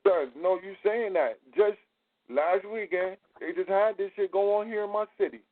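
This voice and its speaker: A man hosting a casual podcast, telling stories in a profane, animated way. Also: high-pitched, moderate pace. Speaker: host. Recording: tinny phone line.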